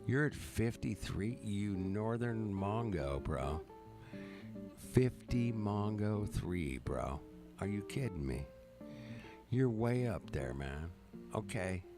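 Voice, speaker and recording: A man hosting a casual livestream, reading out viewer comments in a laid-back drawl, with frequent swearing and lots of "man" and "bro". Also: fairly low pitch. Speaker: livestream host. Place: at home, in California. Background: guitar music.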